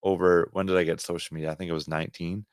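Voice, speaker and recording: Deep-voiced Canadian man, earnest podcast chat. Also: level tone, rapid-fire, no room sound, studio quality. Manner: rambling, earnest, frequent restarts and laughter. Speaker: podcast co-host. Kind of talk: casual faith podcast chat.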